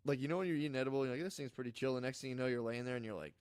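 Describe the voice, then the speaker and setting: A man's voice: mid-range voice, rapid-fire, darkish tone, clean tone, dry recording, studio quality. A man telling long rambling stories in casual chat, cursing often and acting out what people said. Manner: rambling storyteller, swears a lot, acts out quotes. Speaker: podcast host.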